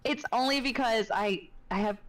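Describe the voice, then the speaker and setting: A woman's voice: fairly high pitch, moderate pace, fairly bright tone, far from the mic, poor audio. A woman in her twenties, a streamer guest on a podcast, chatting casually in a rambling way full of fillers and giggles. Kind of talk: casual chat.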